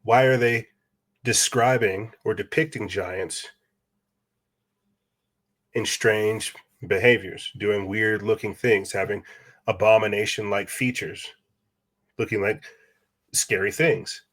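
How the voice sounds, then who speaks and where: Podcast host dude, lowish voice, rambles and keeps asking big questions. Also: male voice, steady tone, takes it slowly, long pauses, fairly bright tone. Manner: rambling, restarts, builds to rhetorical questions. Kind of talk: casual commentary monologue.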